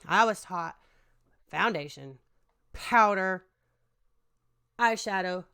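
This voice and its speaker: Slow and creaky yet bright, her medium-pitched voice comes across as clear, resonant and forceful. She is a makeup vlogger in her thirties who rambles casually while doing her makeup, joking about herself and talking to her husband between steps.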